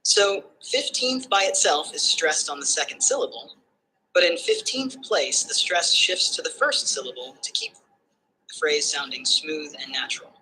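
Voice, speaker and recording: A synthetic assistant voice explaining phonetics like a tutor, in calm, structured steps that end by checking understanding. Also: mid-range voice, moderate pace, a little hiss or hum, poor audio.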